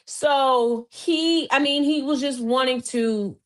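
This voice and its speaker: A woman hosting a podcast, giving a casual recap in an animated, chatty way, full of fillers and restarts, her voice jumping higher when she gets excited. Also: slow pace. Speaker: podcast host.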